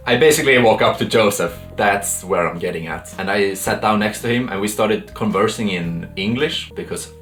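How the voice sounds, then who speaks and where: A young man from Sweden tells stories in casual podcast chat, his voice sitting a little low. He laughs a lot and slips into other voices when quoting. Soft music plays faintly behind him. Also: normal speed. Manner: laughing, animated storyteller, mimics voices in quotes. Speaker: podcast co-host.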